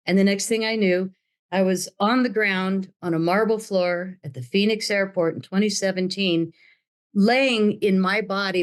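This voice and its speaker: A woman's voice: medium pitch, clear, resonant tone. Older lady guest, dramatic storyteller, does the voices of people she quotes. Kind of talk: storytelling in a remote interview.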